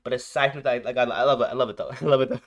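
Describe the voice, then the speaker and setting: A man's voice: medium pitch, fairly even intonation, racing. Gushing, rambling young man reacting. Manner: gushing, rambling, searching for words; laughs often between phrases. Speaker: reaction channel host. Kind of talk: casual reaction commentary.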